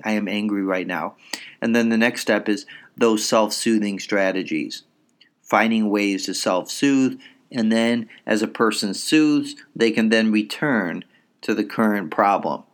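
A man hosting a parenting podcast, explaining anger and self-soothing in a calm, measured way. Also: fairly low pitch. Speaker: psychologist podcast host. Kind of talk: educational parenting podcast talk.

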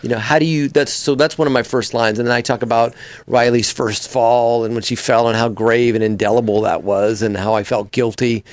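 A man's voice: mid-range voice, a little fast, dry recording. A man, a comedian and voice actor, telling stories in an interview and slipping into character voices. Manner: animated storyteller who slips into character voices. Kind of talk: casual interview chat.

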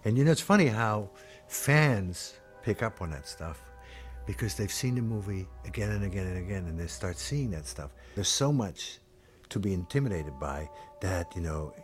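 Low-voiced reflective male filmmaker. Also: animated, normal speed, soft background music. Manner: thoughtful, hesitant phrasing. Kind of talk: reflective interview.

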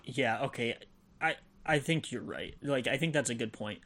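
An easygoing young man co-hosts a casual podcast and talks over a film with his friends. He pokes fun at himself now and then. His voice sits at an ordinary middle pitch. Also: lively intonation, moderate pace, a bit bright. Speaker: podcast co-host. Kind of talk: casual movie review chat.

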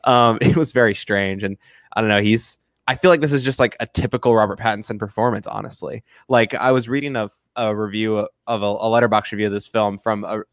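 A man's voice: on the low side, steady tone, fairly quick, no room sound, studio quality. A man co-hosting a casual film review chat, rambling with many restarts and fillers. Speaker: film review podcast co-host.

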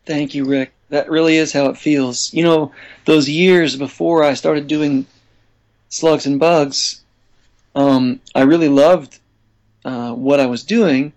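A man being interviewed as a songwriter guest, talking in a relaxed, chatty way and laughing easily. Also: mid-range voice, muffled recording. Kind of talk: casual interview chat.

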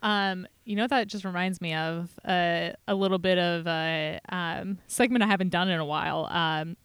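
A young woman co-hosting a casual podcast chat, telling an animated story about a rude caller from her bartending job. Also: fairly low pitch, normal speed, clear, resonant tone, dry recording. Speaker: podcast co-host; bartender at a brewery taproom.

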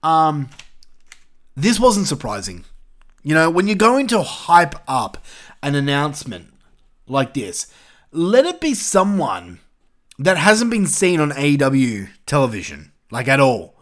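Man, host, casual solo commentary, profane, exasperated rant, high-ish voice, very lively pitch. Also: measured pace. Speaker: wrestling review show host.

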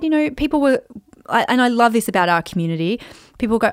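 A woman's voice: fairly high pitch, expressive, quick pace, smooth, dry recording, clean studio sound. A woman hosting her own show, telling a story in a chatty, rambling way with lots of "like" and "you know". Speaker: podcast host and speaker. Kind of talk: casual storytelling monologue.

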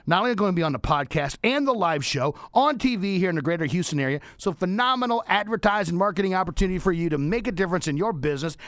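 An energetic male radio host with a fairly high voice delivers a motivational, preachy sign-off. His voice is recorded dry and close, with no room sound. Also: no echo. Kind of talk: upbeat radio show wrap-up and promotion.

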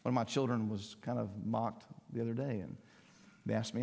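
A man preaching a sermon, emphatic, climbing to loud peaks and then dropping to quiet lines. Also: mid-range voice, fairly even intonation, fairly quick, creaky. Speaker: pastor. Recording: long hall reverb.

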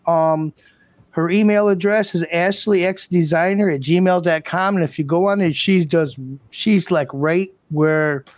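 Halting man with a high, dry voice. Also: no echo. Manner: halting, loose, filler-heavy. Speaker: podcast co-host. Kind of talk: casual podcast chat.

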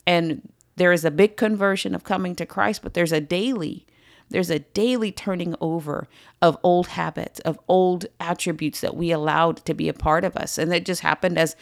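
A woman teaches a morning Bible study, her voice low-set and gravelly with fry. She speaks in an earnest, conversational manner and checks in with her listeners as she goes. The sound is dry and close, with little room around it. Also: steady tone, normal speed, dry recording. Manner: earnest, conversational, with frequent "right?" asides.

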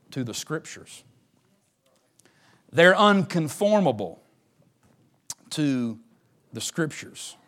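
A man preaching a fervent sermon, swinging between hushed lines and loud ones. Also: medium pitch. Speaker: pastor.

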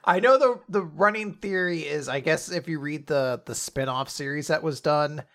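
A young male podcast co-host chatting casually, enthusiastic and quick to joke. His voice sits a little high for a man. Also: a bit bright. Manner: enthusiastic, joking, swears. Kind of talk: casual chat.

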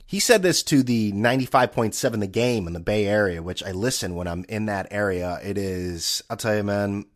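A man's voice: fairly low pitch, normal speed, hardly any pauses. A man hosting a solo sports podcast, ranting with sarcasm and profanity. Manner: ranting, sarcastic, profane, mocking voices in quotes. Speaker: podcast host.

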